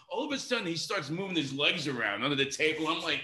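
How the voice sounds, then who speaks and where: Bright-voiced New man telling a wild story. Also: fairly high pitch, fast talker, few pauses. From New York City. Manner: excited, profane, rambling anecdote. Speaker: guest musician. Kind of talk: casual storytelling on a podcast.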